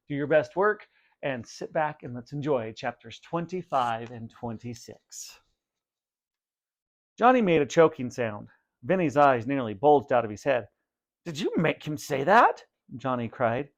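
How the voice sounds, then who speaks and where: A man reads a spooky children's story aloud as a teacher, steady and plain in his delivery. His voice sits at an ordinary middle pitch. Before he starts reading, he gives clear instructions to his students. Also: highs cut off. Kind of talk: read-aloud storybook narration.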